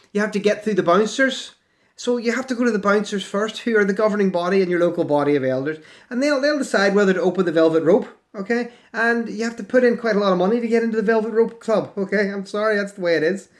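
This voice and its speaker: A man in his forties hosting a video, reading hostile comments aloud and answering them with mocking sarcasm. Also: sits high. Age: 40s. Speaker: YouTube host.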